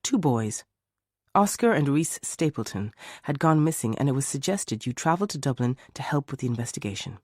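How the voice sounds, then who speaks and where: A man's voice: mid-range voice, big pitch swings, moderate pace, darkish tone, no echo, studio quality. A man voicing a male defence barrister who questions a witness sharply and persistently. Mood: probing. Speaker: defence lawyer.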